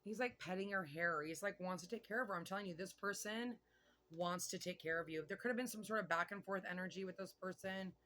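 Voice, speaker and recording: Woman tarot reader, bright edgy tone, loose and gabby, curses casually, thinks out loud. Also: lowish voice. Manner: chatty, excitable, swears casually, pauses to think aloud. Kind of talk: casual tarot card reading.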